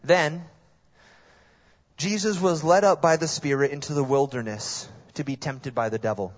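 Give me a man with a fairly high voice delivering an animated sermon, muffled lo-fi sound. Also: normal speed. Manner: animated storytelling with sudden drops to quiet. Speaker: guest pastor.

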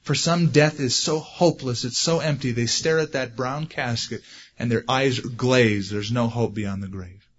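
A man preaching a sermon, animated, growing loud and high when he stresses a point. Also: moderate pace, highs cut off. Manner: animated, rising loud for emphasis. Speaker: pastor.

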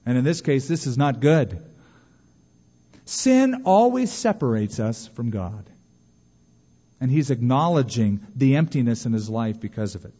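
A man preaching a sermon as a pastor, animated, moving between hushed and emphatic delivery. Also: mid-range voice, normal speed, breathy edge. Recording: dull sound with long hall reverb.

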